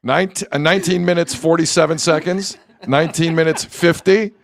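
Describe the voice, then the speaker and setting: A man hosting a sports talk show, excitable, jumping between shouting and low muttering. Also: moderate pace, vocal fry.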